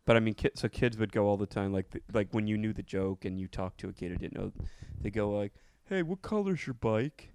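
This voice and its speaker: A man's voice: on the low side, flat delivery, fast, few pauses, darkish tone, a little hiss or hum. A man in casual crude comedy chat, joking and telling stories from his childhood. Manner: joking, storytelling, acts out voices. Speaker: podcast co-host.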